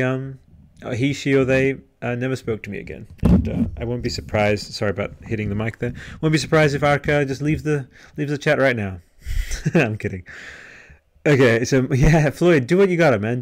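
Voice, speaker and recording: An Australian man in his thirties rambles cheerfully through a live podcast stream, reading out chat messages and answering them off the cuff. His voice sits at an ordinary middle pitch, and his talk is loose and full of ums and restarts. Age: 30s. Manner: chatty and rambling, reading out viewer comments with frequent fillers. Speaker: podcast host. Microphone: headset-style home podcast mic.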